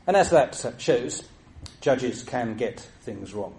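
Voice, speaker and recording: An older man, a former judge giving a lecture full of anecdotes, in a dry, measured way with self-mocking wit. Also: mid-range voice, animated, creaky, background noise.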